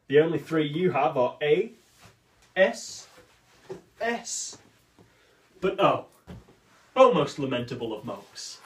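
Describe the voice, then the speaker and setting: An actor playing a proud, witty swordsman who mocks a rival in a declamatory, theatrical verse monologue. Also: on the high side. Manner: declamatory, mocking, sweeping swings of voice. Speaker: stage actor performing a monologue. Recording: roomy echo, distant from the mic.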